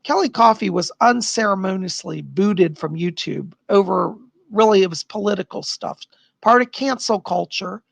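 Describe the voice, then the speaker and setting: A tired middle-aged man with a raspy, worn voice, chatting upbeat with viewers as a psychic livestream host. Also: high voice, moderate pace, dry recording. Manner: chatty, upbeat, answers chat questions. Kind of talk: casual live-stream chat.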